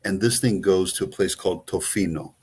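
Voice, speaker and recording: A man's voice: sits low, a little fast, darkish tone, breathy edge. A man with a Greek accent co-hosting a travel chat, rambling with lots of fillers and restarts. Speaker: co-host, travel agent. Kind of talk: casual chat.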